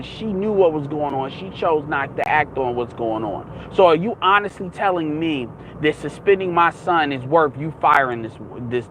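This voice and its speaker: A man's voice: a little high, fairly bright tone, a little hiss or hum, poor audio. A young man ranting in a casual, heated, rambling monologue, swearing often.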